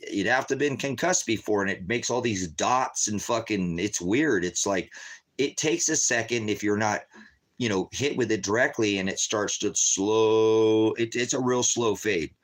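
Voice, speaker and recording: A man's voice: on the low side, moderate pace. An agitated man addresses his livestream viewers in a rambling monologue. He swears in nearly every sentence and keeps repeating himself. His delivery is raw and unscripted. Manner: agitated, heavily profane, repetitive. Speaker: ministry livestreamer.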